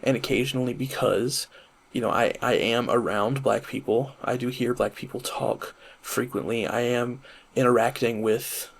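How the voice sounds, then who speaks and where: A man in his twenties from the American South, rambling to camera in a casual monologue, full of fillers and restarts, high while he talks. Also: steady tone, normal speed, vocal fry. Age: 20s. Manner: rambling and self-correcting, many fillers and restarts. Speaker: vlogger and rapper.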